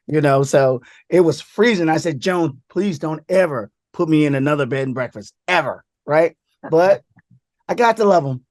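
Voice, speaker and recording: A man's voice: on the high side, darkish tone, no echo, studio quality. A man, a guest comedian, telling stories in casual chat and laughing along as he goes. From New York area.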